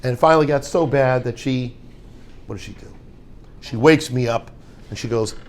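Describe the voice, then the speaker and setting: A man's voice: mid-range voice, moderate pace. A man, a rabbi heading a yeshiva, giving an informal talk with rambling jokes and Yiddish words.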